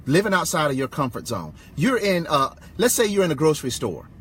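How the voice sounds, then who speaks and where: A man co-hosting an inspirational show, telling a story with animated, affirming delivery. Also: on the high side, a little fast, a little hiss or hum.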